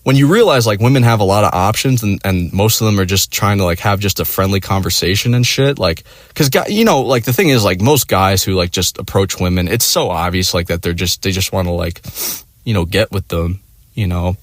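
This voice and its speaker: A deep-voiced man tells a story fairly quickly over a dry, clean studio recording. The chat is casual and he curses nonstop, rambling with plenty of "like" and "you know." He animates the tale by performing his friends' lines in their quoted voices.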